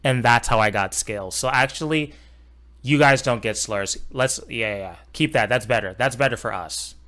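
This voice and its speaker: A man's voice: mid-range voice, normal speed, pushed and bright. A young man reacting to a video as a streamer, casual, profane and sarcastic.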